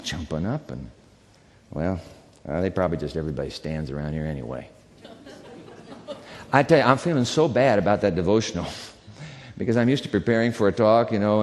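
A man preaching as a pastor, telling a personal story in a conversational, animated way and acting out the dialogue. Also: low-pitched, long reverb tail. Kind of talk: sermon storytelling.

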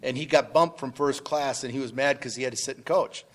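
A man's voice: medium pitch, a little fast. A middle-aged man telling a business story on a panel, rambling and restarting with many fillers. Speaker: business owner sharing testimony.

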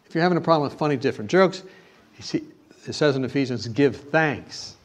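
A man's voice: mid-range voice, expressive, fairly quick. A man preaching a sermon, telling a personal story and then urging his listeners with emphatic exhortation. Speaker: pastor.

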